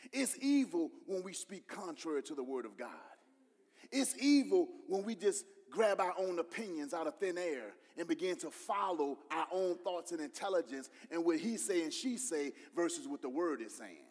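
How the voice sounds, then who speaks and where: A man's voice: high-pitched, darkish tone, long reverb tail. A man preaching a sermon, building in intensity and voicing other people as he goes. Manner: preaching with rising intensity, acting out voices of others. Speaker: pastor.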